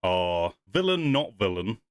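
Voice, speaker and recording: Young male podcast co-host, low-pitched, rambling and playful, dry close sound. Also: big pitch swings, a little slow, dry recording. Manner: rambling, laughs often, acts out quotes. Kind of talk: casual review chat.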